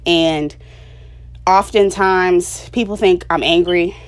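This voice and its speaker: A woman's voice: fairly low pitch, fairly even intonation, slow pace. A woman giving an opinion monologue, passionate and emphatic, lecturing her viewers with small laughs between points. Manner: preachy, lecturing. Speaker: vlogger.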